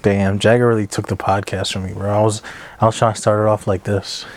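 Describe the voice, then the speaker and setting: Laid-back slangy young man, lowish voice. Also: level tone, fairly quick. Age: 20s. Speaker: podcast co-host. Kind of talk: casual chat. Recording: noisy home podcast recording.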